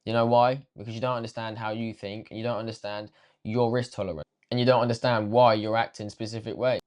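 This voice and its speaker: A man's voice: lowish voice, level tone, fast talker, a little mellow. A young man, a trading coach giving a blunt, swear-filled motivational rant and ending lines with "bruv" and "yeah".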